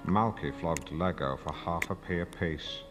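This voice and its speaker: A deep, grave charity-appeal narrator, solemn and weighty. Music plays clearly under the voice-over. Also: male voice, measured pace. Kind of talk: dramatic advert voice-over.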